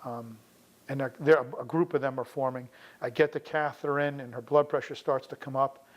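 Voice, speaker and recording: A middle-aged veterinarian from the New York area tells a personal story in a relaxed, conversational way. He acts out the lines of the people in it as he goes. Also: mid-range voice, moderate pace, poor audio. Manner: conversational, acts out quoted dialogue in the telling.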